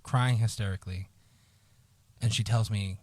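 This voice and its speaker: Male podcast co-host, low voice, dry close mic, halting emotional storytelling with frequent swearing. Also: steady tone, darkish tone, dry recording. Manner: halting, repeats words, swears often. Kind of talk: personal storytelling.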